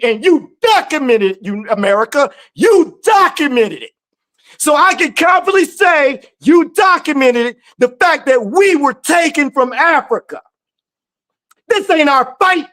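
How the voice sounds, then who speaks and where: A woman's voice: sits high, fairly bright tone. A woman hosting a live podcast, speaking in an impassioned, emphatic way and repeating her phrases for force. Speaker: podcast host. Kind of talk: live-stream commentary.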